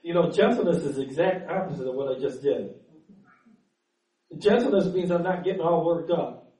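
A male pastor with a fairly high, mellow voice preaches a sermon at a fairly quick clip with lively intonation. He's earnest, stumbling over repeated words before building up with fervor. The room is echoey and the mic sits at a distance.

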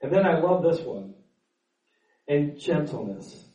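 A man's voice: on the high side, sing-song, a little slow, dark tone. A man preaching a sermon as pastor, earnest, stumbling over repeated words and then building up with fervor. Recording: echoey room, mic at a distance.

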